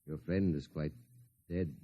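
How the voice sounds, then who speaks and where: An actor playing a suave, scheming male Martian invader in a 1950s radio drama, speaking smoothly and condescendingly. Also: rumbling low, steady tone, unhurried, dry recording, dull audio. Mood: menacing. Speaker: villain.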